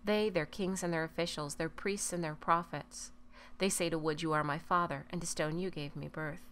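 A woman giving a measured, unhurried scripture reading. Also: deep voice, fairly even intonation, fairly bright tone, a little hiss or hum. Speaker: scripture reader.

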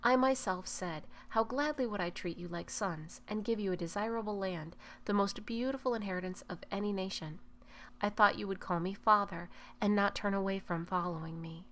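A woman giving a measured, unhurried scripture reading. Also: mid-range voice, a bit bright. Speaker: scripture reader.

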